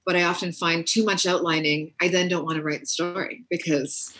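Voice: mid-range voice, little pitch movement, a little fast, a bit bright. A podcast co-host chatting casually about writing, conversational and a bit hesitant. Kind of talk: casual chat.

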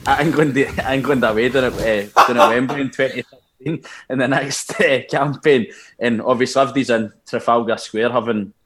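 A young man with a Scottish accent, co-hosting a casual podcast and telling animated football anecdotes, laughing as he goes. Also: medium pitch, brisk, background noise. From Scotland. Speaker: podcast co-host. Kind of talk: casual storytelling chat.

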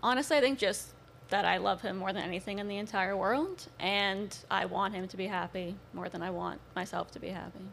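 A woman on a podcast panel, answering softly and sincerely. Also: mid-range voice, fairly even intonation, brisk, gravelly, slight background noise. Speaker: panel guest.

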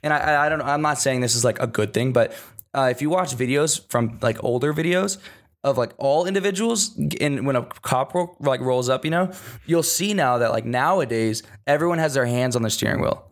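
Fast-talking animated young man. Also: mid-range voice. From Las Vegas. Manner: animated, swears a lot, laughs while telling stories. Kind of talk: casual chat.

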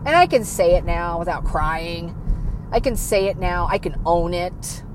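A woman's voice: fairly low pitch, expressive, measured pace, noisy background. A woman giving a blunt, self-critical monologue full of swearing, sometimes dropping almost to a whisper. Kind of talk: candid monologue.

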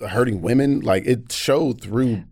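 A man's voice: mid-range voice, unhurried, dry recording, clean studio sound. A man with an American accent, a podcast guest telling candid personal stories and acting out the people he quotes. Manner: animated storyteller who acts out quoted people. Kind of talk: candid podcast interview storytelling.

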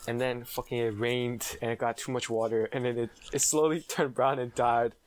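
A man's voice: medium pitch, flat delivery, moderate pace, a little hiss or hum. A young man co-hosting a casual podcast chat, swearing freely and saying "right?" and "like" often. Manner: casual, profane, frequent "right?" and "like". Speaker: podcast co-host.

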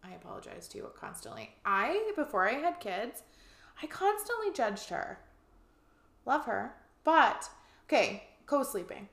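A woman co-hosting a casual podcast, talking in an animated way, swearing and acting out quoted lines. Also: a little high, unhurried, gravelly. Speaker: podcast co-host. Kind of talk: casual chat. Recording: echoey room.

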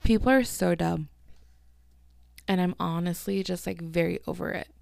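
A young woman hosts her own podcast, talking loosely and warmly to listeners as if catching up with a friend. Her voice sits low with a gravelly fry, and her speech is packed with "like" and "um" as she gushes. The sound is dry and close, with no room around it. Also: level tone, a little slow, dry recording. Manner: chatty, filler-heavy, 'like' and 'um' everywhere; gushing and affectionate with listeners. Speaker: podcast host. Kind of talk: casual solo podcast chat.

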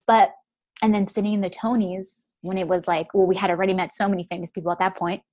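A young woman recounts a personal story in an easy, chatty flow, with "like" in nearly every phrase. Her voice sits at an ordinary middle pitch. The recording is dry and close, with almost no room sound. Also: fairly even intonation, fast, a little mellow, dry recording. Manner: chatty, fills speech with "like". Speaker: guest.

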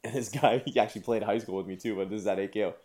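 A middle-aged man in casual chat, telling animated stories with swearing and laughter. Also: lowish voice, very fast.

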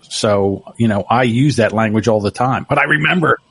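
A man's voice: mid-range voice, normal speed, fairly bright tone, slightly rough. A middle-aged man telling stories in casual chat, laughing often.

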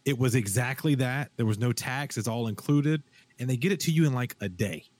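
Male podcast host, lively and rambling, mid-pitch, dry close sound. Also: brisk, no echo. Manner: animated, rambling, frequent fillers and restarts. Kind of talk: casual chat.

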